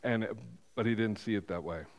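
A pastor preaching a sermon, retelling a parable in an animated way with frequent restarts. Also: male voice, on the low side, normal speed. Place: church sanctuary. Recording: reverberant hall.

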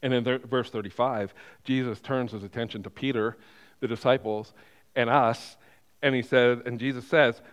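Male pastor, mid pitch, smooth resonant voice, lively restarting delivery, echoing church hall. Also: moderate pace. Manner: animated storytelling with frequent restarts. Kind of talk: sermon. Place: church sanctuary. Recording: reverberant hall.

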